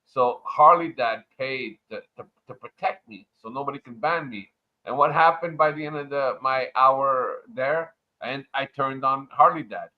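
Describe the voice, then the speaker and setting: A man from Montreal ranting crudely and loudly in a casual livestream chat. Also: mid-range voice, normal speed. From Montreal, Canada. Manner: loud, profane, swaggering rant. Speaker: livestream panel guest. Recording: muffled lo-fi online audio.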